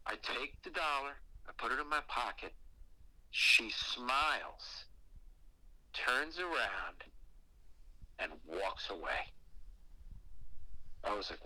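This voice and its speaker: A man telling a creepy personal story on a podcast in a casual, animated way, swearing often. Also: mid-range voice, slow, long pauses, no room sound, rough recording. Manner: animated and heavily profane, with acted asides. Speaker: guest telling a ghost story.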